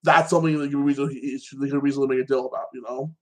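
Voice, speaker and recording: A man excitedly recapping a movie in a casual chat, rambling and filling his talk with fillers. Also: mid-range voice, rapid-fire. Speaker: podcast host.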